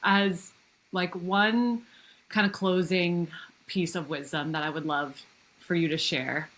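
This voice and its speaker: A woman with a fairly low voice hosts a podcast. She is openly emotional and gushing, showering her guest with praise and thanks. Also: fairly even intonation, slow, fairly bright tone, low-quality recording. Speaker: podcast host. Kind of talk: interview conversation.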